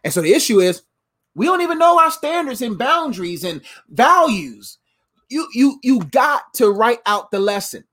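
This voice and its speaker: A man giving a casual motivational sermon, animated and playful, repeating phrases and calling the audience fam. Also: very high-pitched, moderate pace.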